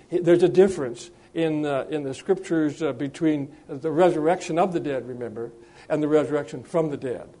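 A man preaching a sermon, speaking in a measured way with frequent hesitations and restarts, and slowing down and lifting his voice when he reads scripture aloud. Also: a little high, dark tone. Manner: slows and lifts his voice when reading scripture.

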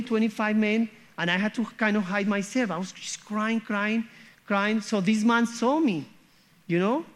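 A middle-aged man from Colombia tells his personal faith story and acts out the dialogue in it. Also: sits high. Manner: storytelling, acting out quoted dialogue with chuckles. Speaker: speaker sharing his testimony.

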